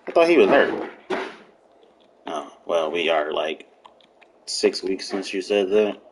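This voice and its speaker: A young man giving casual, excitable commentary while playing a video game, trash-talking, laughing and yelping often. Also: on the low side, slow pace, long pauses, noisy background. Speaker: gameplay streamer.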